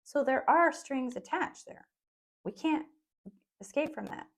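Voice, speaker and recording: A woman with a somewhat high voice and a lot of gravelly fry co-hosts a podcast with her husband. She speaks plainly and frankly, pressing her points with emphatic rhetorical questions. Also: animated, unhurried. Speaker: podcast co-host. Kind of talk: casual chat with her husband.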